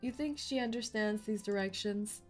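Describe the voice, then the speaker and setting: A woman streaming a game, reacting excitedly with gasps, yells and jokes. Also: mid-range voice, moderate pace, faint music behind. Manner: excitable, gasping, yelling, jokey. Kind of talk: casual let's-play commentary.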